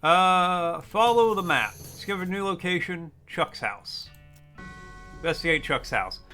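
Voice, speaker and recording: A man's voice: high-pitched, expressive, measured pace, bright, forceful tone. A man streaming a game, reading its text aloud in a playful, jokey way. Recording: faint music behind.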